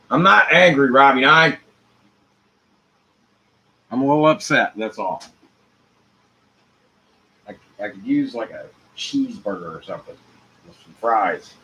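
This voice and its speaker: A man hosting his own show alone, rambling in a free-associating monologue with rhyming wordplay, dropping to mutters and rising to loud outbursts. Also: on the low side, animated, unhurried, long pauses, low-quality recording. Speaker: show host.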